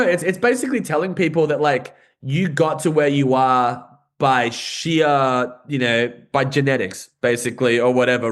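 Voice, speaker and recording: An Australian man hosts a podcast and talks through his thoughts in a casual, earnest way. He wanders into tangents and swears now and then. His voice sits at a middle pitch. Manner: earnest, rambling musings with swearing and fillers. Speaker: podcast host and band musician.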